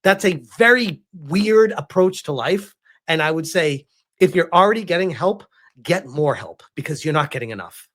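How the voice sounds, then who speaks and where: Animated man commenting on a clip. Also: fairly high pitch, moderate pace. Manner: emphatic and animated, laughs often. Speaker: reaction commentator. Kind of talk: casual commentary on a played clip.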